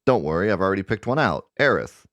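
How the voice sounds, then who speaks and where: A doting, softhearted middle-aged professor in a game, read by a man in a low voice. He speaks fondly of his family, and the sound is dry and close. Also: sing-song, fast talker, dry recording, dull audio. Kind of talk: reading game dialogue aloud.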